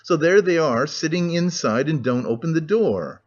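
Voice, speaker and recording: A man's voice: on the high side, lively intonation, moderate pace, pitched above the performer's own voice. A man voicing a cheerful young man with a ringing voice, on a dull lo-fi recording. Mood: eager.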